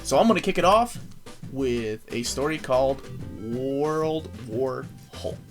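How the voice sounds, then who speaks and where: A man co-hosting a casual comic-book podcast, retelling a story in an animated, profane way. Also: mid-range voice, unhurried, soft background music. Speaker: podcast co-host.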